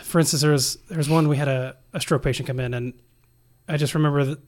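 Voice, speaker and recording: A man who works as an emergency nurse, telling stories from the hospital in a casual, animated podcast conversation. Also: a little high, fast talker. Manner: animated storyteller, acts out quoted voices. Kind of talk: casual storytelling in a podcast interview.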